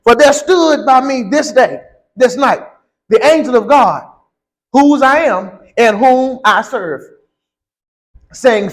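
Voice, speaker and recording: A man preaching a sermon, reading scripture and then building to slow, emphatic shouted lines. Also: very high voice, poor audio.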